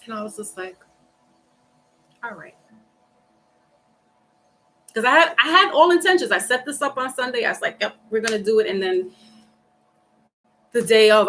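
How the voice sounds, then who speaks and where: A woman hosting a livestream reading, talking casually to her viewers about grief and acting out past conversations in lively voices. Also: a little high, moderate pace, long pauses. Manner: talks through grief, quoting herself and a friend in animated voices. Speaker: tarot reader on a livestream. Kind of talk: casual chat with live viewers.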